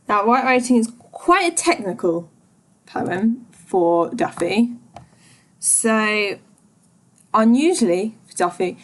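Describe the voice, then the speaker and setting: A woman giving a revision lesson on a poem, thoughtful and pausing often with small fillers. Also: mid-range voice. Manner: slow, thoughtful, pauses often with ums. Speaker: teacher.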